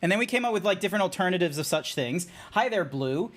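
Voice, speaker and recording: A young Australian man streaming a game, rambling excitably through trivia and laughing at his own jokes. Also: sits high, racing. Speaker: VTuber streamer. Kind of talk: casual game stream chat.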